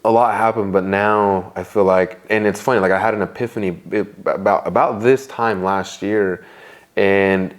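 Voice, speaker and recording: A young man with a very deep, low-pitched voice, speaking as an interview guest. He rambles candidly and loosely, full of fillers and restarts. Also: fairly even intonation, normal speed. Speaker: guest, business owner. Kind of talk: casual interview talk.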